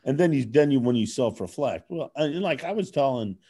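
A man from Kentucky chatting casually, a loud and animated storyteller who acts out voices in his anecdotes. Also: medium pitch, brisk, husky. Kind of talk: casual chat. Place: lives in California.

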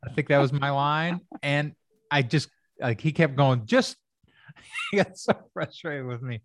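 A man's voice: a little high, wildly swooping pitch, measured pace, no room sound, clean studio sound. A middle-aged man from Kentucky, a comedy writer and stand-up comic, telling stories in a casual, rambling way with many fillers. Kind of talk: casual storytelling chat.

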